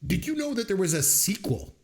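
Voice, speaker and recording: This podcast co-host has a high voice and talks a little fast. Chatting casually about a movie, he acts out its scenes and lines like a lively storyteller, laughing often along the way.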